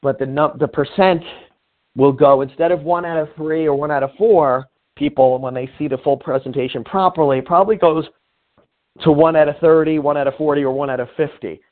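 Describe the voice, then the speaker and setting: A man's voice: a little high, steady tone, brisk. A man giving informal coaching advice in a conversational way, often restarting his phrases. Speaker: sales coach. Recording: tinny phone-like sound.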